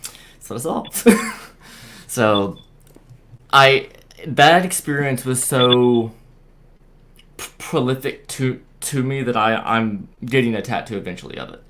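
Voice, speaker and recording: Young man guest, stammering storyteller, casual, middle-pitched voice. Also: expressive, fairly bright tone. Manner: halting, repeats words and restarts often. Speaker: guest sharing a paranormal experience. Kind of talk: casual storytelling on a video call.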